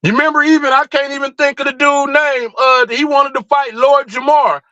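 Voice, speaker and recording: A man's voice: very high-pitched, level tone, fairly quick, bright, forceful tone, dry recording, lo-fi sound. A man hosting a livestream, ranting in a fired-up, blunt and profane way, full of rhetorical questions. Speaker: livestream host. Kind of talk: heated livestream rant.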